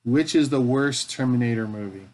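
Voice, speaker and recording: A man's voice: medium pitch, moderate pace, darkish tone. Joking middle-aged man chatting mid-build. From Canada. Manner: joking, talks to himself as he works. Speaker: live-stream host building a toy kit. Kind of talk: casual chat while building.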